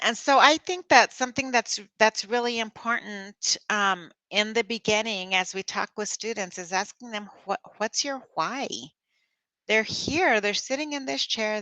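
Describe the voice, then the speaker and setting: Middle-aged woman, coaching presenter, bright clear voice, dry close sound, chatty with fillers. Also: mid-range voice, no echo. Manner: conversational, with stories and filler words. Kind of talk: online workshop talk.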